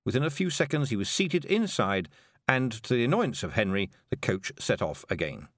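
A man reading a storybook aloud, expressive and lively. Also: medium pitch, moderate pace, dry recording, clean studio sound. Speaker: audiobook narrator. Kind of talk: scripted storybook narration.

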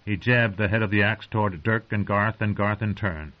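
Male audiobook narrator, steady and dramatic. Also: lowish voice, normal speed, hardly any pauses. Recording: dull lo-fi audio.

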